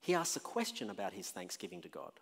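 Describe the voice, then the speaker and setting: A man preaching a sermon as pastor, emphatic, with loud exclamations and quiet questions. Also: low voice, big pitch swings, fast. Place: church sanctuary. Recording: long reverb of a church hall.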